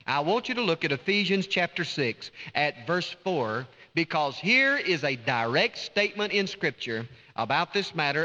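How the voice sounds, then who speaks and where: Fervent preacher in a reverberant church. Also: male voice, a little high, sharp tone. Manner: fervent preaching with long drawn-out emphasis. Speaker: pastor. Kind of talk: sermon. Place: church sanctuary. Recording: dull, reverberant church recording.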